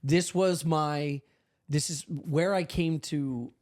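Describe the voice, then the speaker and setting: A slightly high-voiced man, a co-host or guest on a casual comedy podcast, speaks slowly while riffing crudely and at length. His delivery is rambling, with deadpan riffs.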